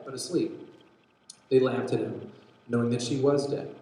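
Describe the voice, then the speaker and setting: A man preaching a sermon, telling a Bible story with lively acted-out dialogue and frequent restarts. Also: medium pitch, moderate pace. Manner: animated storytelling, acts out quotes, restarts often. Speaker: pastor. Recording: very echoey hall.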